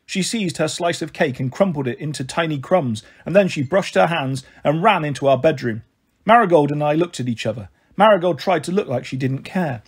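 A man reads a children's novel aloud in a steady first-person narration. His voice sits a little high for a man and has a husky edge. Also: fairly quick. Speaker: storyteller. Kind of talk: storybook reading.

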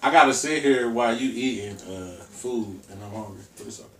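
A man's voice: mid-range voice, a little fast, fairly bright tone. A man joking around as a guest in a casual chat. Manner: joking, laid-back. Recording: roomy, distant, noisy.

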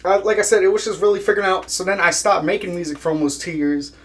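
A man's voice: sits high, fast talker. A young man chatting casually in an interview, laid-back, swearing a lot and laughing at his own jokes. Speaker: guest musician.

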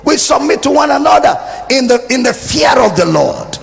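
A man preaching a sermon with a Nigerian English accent, animated and humorous, acting out little scenes for the congregation. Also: very high voice, normal speed, creaky, faint music behind. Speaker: pastor. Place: church service.

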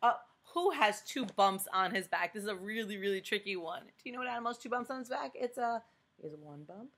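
A woman's voice: medium pitch, lively intonation, a little fast, husky. A woman reading a picture book aloud to young children, asking them questions to guess each answer and dropping to a whisper for suspense. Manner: dramatic hushed whispers for suspense.

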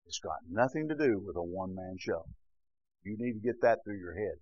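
An older man preaching a fervent sermon that swings from low, quiet passages to loud, shouting peaks, often saying "bless God". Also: lively intonation, normal speed, long pauses, no echo, dull audio.

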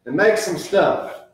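A middle-aged man preaching as pastor, talking earnestly and conversationally about raising children, with quoted voices mixed in. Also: a little high. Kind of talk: sermon. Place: church sanctuary. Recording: echoey church, mic from a distance.

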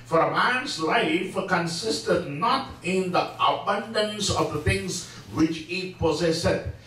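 A man teaching a Sabbath School lesson in a church, preaching slowly and emphatically with frequent fillers. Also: on the high side, a bit bright. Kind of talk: church Bible-study sermon. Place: church hall. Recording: echoey hall, mic at a distance.

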